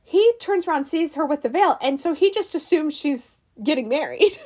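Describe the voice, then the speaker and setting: A woman's voice: sits high, expressive, moderate pace, few pauses, darkish tone. A young woman recapping a movie in a chatty, rambling way, laughing often and restarting her sentences. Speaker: movie review vlogger. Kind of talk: casual chat recapping a movie.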